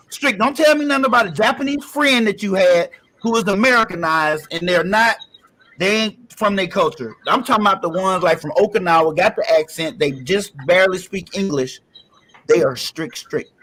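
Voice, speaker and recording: A man's voice: sits high, a bit bright. A man speaking as a panelist in a heated discussion, emphatic and blunt, repeating his points and swearing freely. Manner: emphatic, repetitive, blunt and profane.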